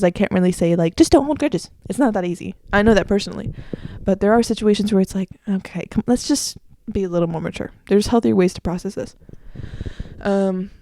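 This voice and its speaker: A young woman hosts her own podcast, chatting casually into a microphone with strong opinions and plenty of "like" fillers. Her medium-pitched voice is a little mellow, captured as clean studio sound with no room tone.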